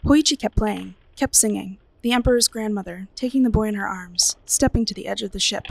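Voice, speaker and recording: A woman librarian reads a spooky tale aloud, shaping each line with drama. Her mid-pitched voice carries a gravelly edge. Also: a little fast, few pauses, poor audio. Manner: expressive, dramatic storytelling. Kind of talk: storybook reading aloud.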